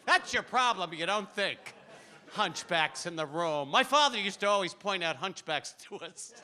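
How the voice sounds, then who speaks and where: Flamboyant comedian guy, super high bright voice, bouncy, crowd faint behind. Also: lively intonation, moderate pace. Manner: flamboyant, exclamatory. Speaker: stand-up comedian. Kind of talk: stand-up set. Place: comedy club stage.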